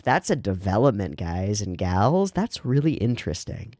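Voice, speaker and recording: Lively man reacting to anime. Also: lowish voice, moderate pace, few pauses, dry recording, studio quality. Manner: animated, quotes dialogue and muses aloud, swears casually. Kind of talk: casual reaction commentary.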